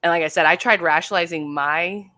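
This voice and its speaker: Low-pitched lady in her 30s rambling through a story, dry close sound, lots of likes and ums. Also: quick pace, bright, forceful tone, no room sound. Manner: chatty, full of fillers and acted-out quotes. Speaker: guest. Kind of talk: casual storytelling.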